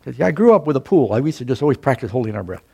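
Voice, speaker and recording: An older man preaches in an easygoing, conversational way and weaves a personal story into the sermon. He speaks at a moderate pitch and pushes up louder and higher whenever he quotes scripture or other people. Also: sing-song, racing, creaky, breathy edge. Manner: conversational, rising loudly for quoted scripture and speech. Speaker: pastor.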